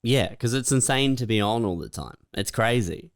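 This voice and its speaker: A man's voice: medium pitch, expressive, normal speed, no room sound, studio quality. A young adult man co-hosting a casual comedy podcast, laid-back and laughing along, often saying "man". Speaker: podcast co-host.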